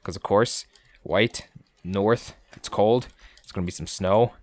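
A man's voice: on the low side, unhurried, no room sound. A man co-hosting a podcast, recapping episodes in a joking, profane, rambling way. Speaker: podcast co-host. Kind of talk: casual recap chat.

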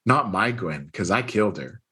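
A man's voice: lowish voice, animated, normal speed, sharp tone, slightly rough, full character voice. A man voicing a sly, menacing older male villain who taunts with mocking questions. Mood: taunting.

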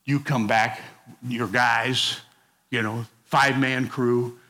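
A man's voice: medium pitch, steady tone, slow, bright, forceful tone. A middle-aged male pastor preaching a sermon in a folksy, conversational way, with casual asides to the congregation.

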